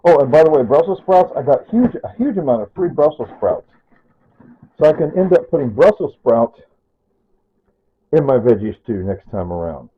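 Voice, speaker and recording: A man with a husky voice talks casually through his home cooking, circling back and correcting himself as he rambles. The sound is tinny and phone-like. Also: mid-range voice, very animated, normal speed. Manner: chatty, repeats himself, self-correcting. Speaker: cooking vlogger. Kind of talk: rambling casual kitchen talk.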